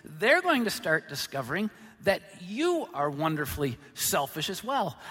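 A middle-aged man preaching a sermon, his voice bright and lively as it swings up and down. He trades self-mocking jokes for sudden loud, pointed emphasis. The sound rings with the long reverb of a large church hall. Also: high voice. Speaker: pastor.

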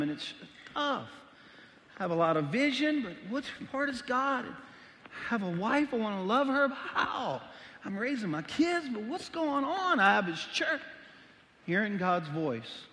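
A middle-aged man, preaching a sermon as pastor, telling stories animatedly and swinging between loud and hushed. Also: high-pitched, sing-song, measured pace. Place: church auditorium. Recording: long reverb of a large hall.

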